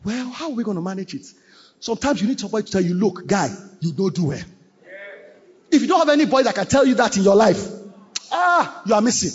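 A man preaching a sermon, animated, mimicking church members and breaking into shouts. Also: extremely high pitch, slightly rough. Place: church hall. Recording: dull recording with long hall reverb.

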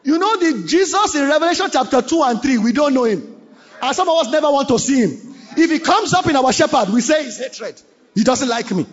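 A man preaching a sermon, animated, mimicking church members and breaking into shouts. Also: very high voice. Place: church hall. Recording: dull recording with long hall reverb.

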